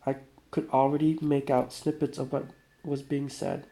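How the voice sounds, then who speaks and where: Man reading game text aloud, dark tone. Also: mid-range voice, little pitch movement, moderate pace, gravelly. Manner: casual, stumbling over words and self-correcting. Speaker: gaming YouTuber.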